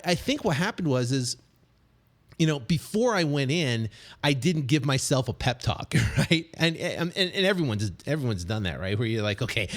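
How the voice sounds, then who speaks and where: A middle-aged man coaching on real estate deals in a casual motivational monologue, animated and repetitive, full of fillers, restarts and quick acted snippets. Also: medium pitch. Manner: acts out quick snippets of other voices.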